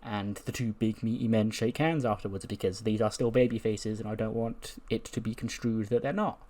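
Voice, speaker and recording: A man's voice: fairly low pitch, steady tone, normal speed, warm tone. A man casually narrating a wrestling sim game, rambling with frequent fillers and the odd swear. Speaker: gaming video host. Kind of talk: casual let's play commentary.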